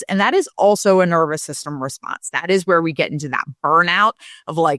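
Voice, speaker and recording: A woman's voice: on the low side, normal speed, few pauses, fairly bright tone, no room sound, studio quality. A woman telling a candid story in a chatty, coaching style, with plenty of casual fillers. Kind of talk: casual solo talk, coaching tone.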